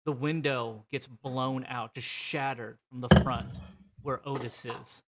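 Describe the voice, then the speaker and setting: A man's voice: mid-range voice, fairly even intonation, unhurried. A man narrating a tabletop role-playing game as game master, describing scenes vividly with frequent fillers.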